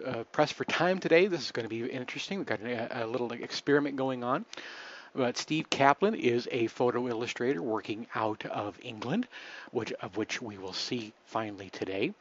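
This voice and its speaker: A man hosting a live webcast, talking in a relaxed, chatty way with many fillers and restarts. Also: mid-range voice, moderate pace, highs cut off. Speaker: host.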